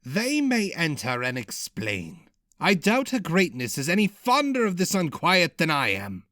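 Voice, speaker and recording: A man's voice: on the high side, wildly swooping pitch, measured pace, pushed and bright, dry recording, studio quality, voice pushed up, exaggerated voice. A man playing a growling, irritable prince. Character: irritable young male prince, commanding and menacing.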